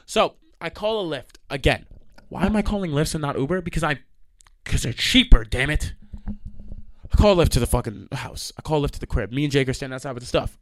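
Young male vlogger, loud animated storyteller, close dry mic. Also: a little high, fairly quick, no echo. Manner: animated, profane, acts out the people in his stories. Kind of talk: ranting storytime monologue.

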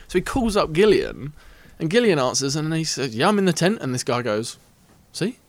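Animated man telling a story. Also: on the high side, normal speed, a little hiss or hum. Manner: animated, acts out the voices in his story, laughs often. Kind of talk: casual chat, telling a story.

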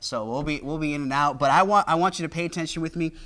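A man's voice: a little high, fast talker, a bit bright. An American man preaching a sermon in a conversational way, with frequent restarts and fillers, into a handheld microphone. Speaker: guest preacher.

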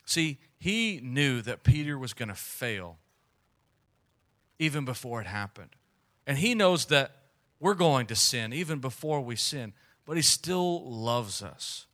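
A man preaching a sermon, retelling a scripture story in a relaxed, conversational way. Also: mid-range voice, unhurried.

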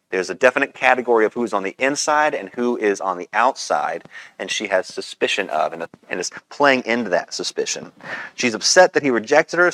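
Male pastor, low voice, dry close sound; easygoing sermon delivery with pauses. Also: no echo, low-quality recording. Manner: conversational, relaxed preaching with frequent "uh" pauses.

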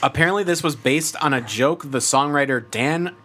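A man's voice: fairly high pitch, a bit bright. Laughing man rattling off trivia. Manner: rushed, laughing, trivia-heavy. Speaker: podcast co-host sharing song trivia. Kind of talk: casual podcast chat.

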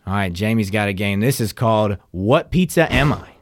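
A man's voice: fairly low pitch, expressive, a little fast, slight background noise. A man co-hosting a podcast in laid-back casual chat, peppering talk with man and dude. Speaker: podcast co-host.

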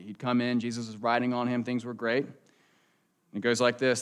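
A man preaching a sermon in a church as a pastor, in an earnest, conversational way, and closing in a quiet prayer. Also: medium pitch, steady tone, moderate pace, clear, resonant tone.

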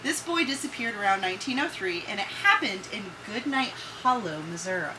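A woman's voice: mid-range voice, very animated, brisk. A woman from the Ozarks telling folklore in a rambling, casual podcast chat, laughing and swearing freely. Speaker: podcast co-host. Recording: distant mic, noisy room.

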